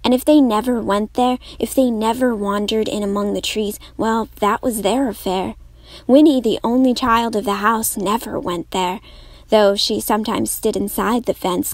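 A woman reading a novel aloud as an audiobook narrator, measured and expressive. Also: medium pitch, no echo. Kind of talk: scripted narration.

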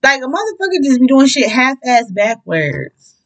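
High-voiced profane woman reading tarot. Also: normal speed, poor audio. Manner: profane, animated, breaks into song. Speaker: tarot reader. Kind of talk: casual tarot reading with singing.

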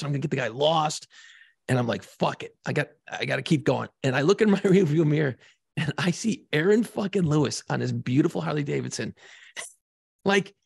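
A man's voice: fairly high pitch, gravelly, breathy edge, no room sound, studio quality. A middle-aged man from New Orleans telling a long story on a podcast, swearing freely and acting out the voices in it. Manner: profane, animated storyteller. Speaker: podcast co-host. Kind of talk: casual storytelling.

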